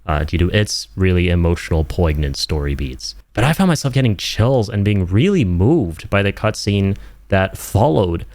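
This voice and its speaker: A man's voice: low-pitched, sing-song, normal speed, darkish tone. A young man giving an enthusiastic, emphatic video game review in casual, slangy talk.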